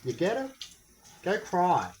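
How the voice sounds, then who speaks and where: A young man talks straight to his viewers in a casual vlog rant, heated and full of swearing. His voice sits on the high side and jumps around with lively, wide swings in pitch. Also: takes it slowly, slight background noise, rough recording. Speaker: vlogger. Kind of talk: casual ranting monologue.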